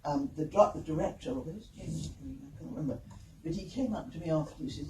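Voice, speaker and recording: An older woman with a London Kensington accent, an actor appearing as a panel guest, tells anecdotes at a convention in a low voice and at a quick pace. She's a lively storyteller who laughs often and acts out what people said. The recording comes from a roomy hall with a distant mic and plenty of noise.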